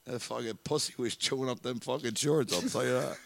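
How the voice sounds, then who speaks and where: A man's voice: medium pitch, brisk, creaky, dry recording. A man in crude, casual group banter, telling stories and laughing at his own jokes.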